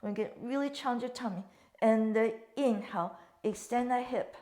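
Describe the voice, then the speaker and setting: A woman with a fairly high, mellow voice leads a Pilates class at a normal pace, cueing breaths and counts with slight phrasing. She speaks as the instructor giving guided exercise instructions, and the room sounds echoey.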